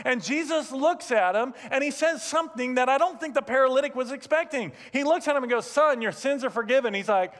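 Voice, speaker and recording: A man preaching a sermon, telling a story in an animated way with humorous asides. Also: very high-pitched, brisk. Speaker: pastor. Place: church sanctuary, also streamed.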